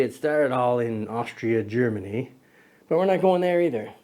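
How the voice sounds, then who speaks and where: A man hosts a casual camera show in a warm, expressive, medium-pitched voice at normal speed, with a little hiss or hum in the audio. He jokes around and playfully teases his little buddy sidekick, rambling loosely with many ums and self-corrections.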